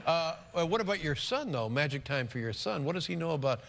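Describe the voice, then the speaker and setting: A man in his sixties hosting a talk show, asking halting, stammering questions in casual interview. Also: on the high side, big pitch swings, creaky, fairly bright tone. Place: television studio.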